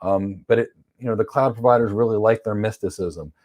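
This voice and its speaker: Speaking a little fast in a lowish, slightly mellow voice, a man runs a cloud certification course over livestream. He reads out what viewers ask, gives blunt and opinionated replies, and performs playful examples in different voices.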